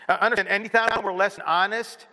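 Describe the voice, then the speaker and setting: A man's voice: high-pitched, fairly even intonation, brisk, sharp tone. A man preaching a sermon as pastor, earnest, with many rhetorical questions. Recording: long hall reverb.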